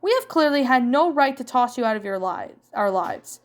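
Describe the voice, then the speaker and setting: A woman's voice: fairly high pitch, lively intonation, normal speed. A woman reading a cartoon father's lines in a fan story, apologetic and plain. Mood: sorry. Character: father Lynn Loud Sr., middle-aged man, apologetic.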